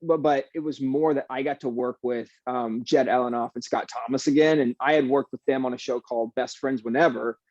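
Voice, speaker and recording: A man's voice: mid-range voice, brisk, hardly any pauses, no room sound, lo-fi sound. Easygoing young man telling stories. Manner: easygoing, animated storytelling with fillers. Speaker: actor guest. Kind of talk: casual interview chat.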